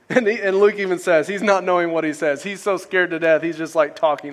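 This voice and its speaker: A man's voice: high-pitched, steady tone, a little fast, hardly any pauses. A male pastor preaching a sermon in a casual, conversational way, often restarting phrases and asking rhetorical questions.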